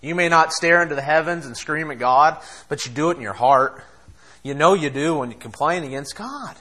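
A man preaching a sermon, impassioned, swinging between quiet asides and loud exhortation. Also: fairly high pitch, brisk. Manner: impassioned, acts out quoted voices, laughs between points.

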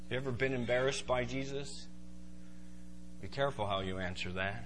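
A man preaching a sermon to a congregation, emphatic and animated. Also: mid-range voice, normal speed, slight background noise. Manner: emphatic, rising to loud exclaiming in voiced quotes. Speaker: pastor.

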